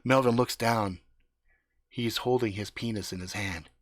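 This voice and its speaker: A man's voice: on the low side, measured pace, no echo, studio quality. A man improvising a profane story live on stream, dropping laughing asides. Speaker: livestream storyteller.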